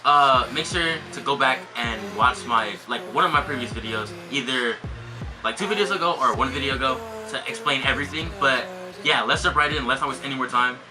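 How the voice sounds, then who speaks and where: A man's voice: mid-range voice, fairly quick, music in the background, rough recording. A man hosting a reaction video in casual, hyped commentary, rambling and swearing freely. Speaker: YouTube reaction host.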